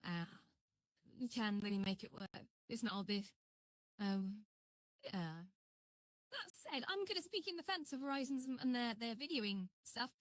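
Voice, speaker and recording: A woman's voice: a little high, sing-song, unhurried, long pauses, no echo. A woman chatting on a live stream as she builds, rambling and greeting viewers while she works. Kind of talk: casual live-stream chat.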